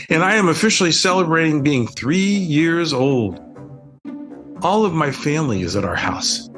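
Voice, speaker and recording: Older man reading a lively bedtime story. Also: a little high. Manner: gentle, expressive storytelling. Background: soft music.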